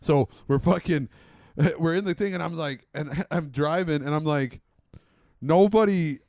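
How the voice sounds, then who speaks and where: A man tells a road-trip story in loose podcast chat, restarting his sentences and swearing often. His voice is a little high. The recording is dry and close. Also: normal speed, a little mellow, dry recording. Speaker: podcast co-host.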